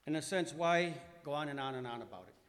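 A man's voice: on the high side, expressive, fast, a bit bright, long reverb tail. A man preaching a sermon as a pastor, telling the story with emphatic, dramatic delivery.

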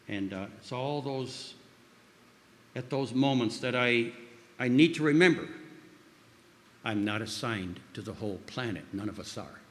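A man's voice: medium pitch, unhurried, long pauses. A man giving an informal sermon with stories, rambling with frequent restarts and fillers. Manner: acts out quoted voices loudly. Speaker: speaker at a church gathering. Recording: long hall reverb.

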